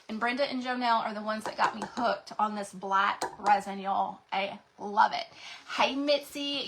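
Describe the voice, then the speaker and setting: A woman's voice: fairly high pitch, bright, forceful tone, a little hiss or hum. A woman hosts a crafting livestream, chatting casually, greeting viewers by name, and sounding congested and out of breath.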